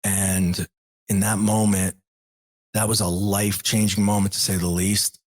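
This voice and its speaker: A man in his forties, a podcast guest, candidly retelling a personal story with lots of quoted dialogue in a husky voice. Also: lowish voice, little pitch movement, measured pace. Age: 40s. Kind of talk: storytelling in an interview.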